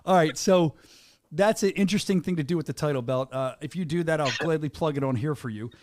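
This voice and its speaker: A man's voice: a little high, quick pace, noisy background. A man hosting a sports podcast, asking questions and teasing people in the room in a jokey, laughing way. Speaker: podcast host, announcer. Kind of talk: casual podcast interview.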